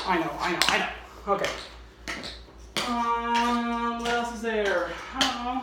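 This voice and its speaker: Speaking in a very high voice, a man runs a loose, self-deprecating tap lesson in his home garage, with plenty of swearing. He talks a little slowly and pauses often. Heavy background noise comes from tap shoes clicking loudly in the echoing space.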